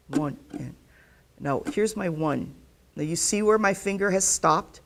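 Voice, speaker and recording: A woman teaching a live online ukulele lesson. She talks patiently, repeats herself, checks in with "okay?" and counts the beats out loud. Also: on the low side, a little slow. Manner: counts beats aloud while playing. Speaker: ukulele instructor.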